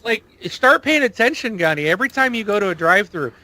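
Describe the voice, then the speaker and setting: A man's voice: sits high, very animated, fast, sharp tone. A man co-hosting a casual gaming podcast, ranting in an exasperated, emphatic way. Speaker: podcast co-host.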